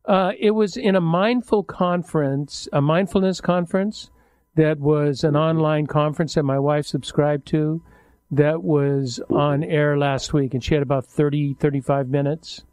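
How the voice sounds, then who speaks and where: An older man hosting a radio talk show, speaking in a halting, reflective way and often correcting himself mid-sentence. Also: a little high, steady tone, a little mellow, clean tone, dry recording. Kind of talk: casual interview chat.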